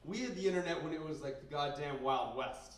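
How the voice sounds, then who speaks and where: A young man from Canada works a basement bar crowd with crude, rambling stand-up that keeps bursting into loud rants. His voice sits a little high for a man. The room is very echoey, and he sounds far from the recorder, with faint bar noise behind him. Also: brisk. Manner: brash, crude, rambling storytelling with sudden loud outbursts. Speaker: stand-up comedian. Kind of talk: stand-up comedy set. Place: basement bar comedy night. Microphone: handheld stage mic recorded by a camera in the room.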